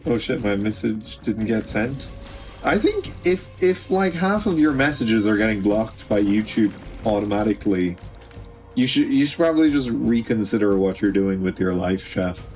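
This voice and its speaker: A man's voice: fairly low pitch, lively intonation, moderate pace, a little mellow, soft background music. A man with an Irish accent hosting a livestream, chatting casually with viewers in a joking, teasing way and laughing often. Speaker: livestream host.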